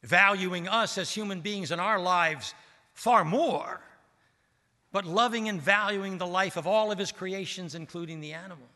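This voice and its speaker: A man preaching a sermon as pastor of a church, emphatic and swinging between loud and hushed delivery. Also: high voice, normal speed, in a large hall.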